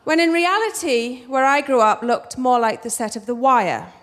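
A young English woman from England, telling a story on stage with a wry, animated, punchy delivery. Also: sits high, moderate pace. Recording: reverberant hall.

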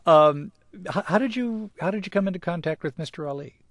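A man interviewing guests in a polite, measured broadcast style. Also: high-pitched, expressive, no echo, studio quality.

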